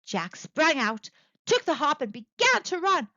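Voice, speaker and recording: A woman reading a picture book aloud to children, narrating with expressive, animated storytelling. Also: high voice, a little slow, dry recording, highs cut off. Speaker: storyteller, channel host.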